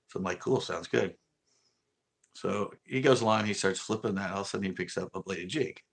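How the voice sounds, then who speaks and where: A man's voice: sits low, a bit bright. A man from California, an angler, casually telling a rambling fishing story on a livestream and acting out what others said. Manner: rambling, acts out quoted dialogue.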